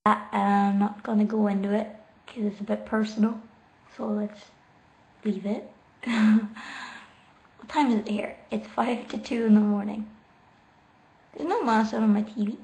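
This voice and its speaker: A woman's voice: mid-range voice, fairly even intonation, unhurried, pauses often, darkish tone. Giggly woman chatting on a late-night livestream. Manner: chatty and giggly, reads questions aloud before answering. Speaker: livestreamer answering viewer chat. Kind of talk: casual late-night live chat. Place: at home, sitting on the floor. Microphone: laptop microphone.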